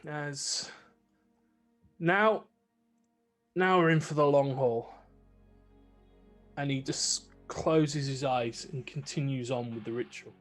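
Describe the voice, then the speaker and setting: A man's voice: mid-range voice, takes it slowly, pauses often, a bit bright, faint music behind. A man narrating a tabletop game as game master, vivid with many fillers.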